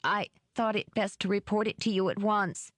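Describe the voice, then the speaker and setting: A woman's voice: mid-range voice, fairly even intonation, moderate pace, a bit bright, dry recording, clean studio sound, voice pushed up, close to an everyday voice. A woman voicing a small, timid male assistant who speaks nervously and deferentially.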